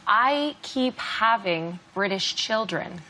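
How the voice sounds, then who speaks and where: A woman's voice: mid-range voice, lively intonation, takes it slowly. A woman on a comedy panel, making playful, teasing jokes. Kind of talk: comedy panel show banter. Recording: noisy studio with loud audience.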